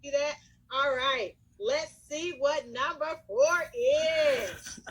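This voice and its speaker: A middle-aged school counselor chats to the camera in a bright, high voice. She tells stories with lots of energy and acts out what people said. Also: slow, poor audio. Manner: animated, lively storyteller who breaks into excited shouts and acts out quotes. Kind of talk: casual storytelling to camera.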